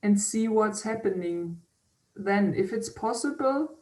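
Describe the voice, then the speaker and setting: Woman interviewer, very slow and hesitant, heard from a distance. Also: medium pitch, lively intonation. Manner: hesitant, gentle, many false starts. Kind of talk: casual interview conversation. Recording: roomy, distant from the mic.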